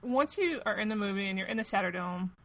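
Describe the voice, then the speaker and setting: A woman's voice: mid-range voice, animated, fast, gravelly, low-quality recording. A woman in casual film discussion, talking in a hesitant, musing way that trails off. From United States.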